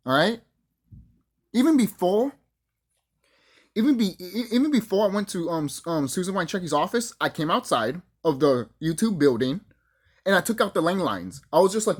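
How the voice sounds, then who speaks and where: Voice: mid-range voice, animated, normal speed, breathy edge. A vlogger delivering a profane, boastful ranting monologue to the camera, acting out the people in the story. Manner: profane, boastful, acts out quoted voices.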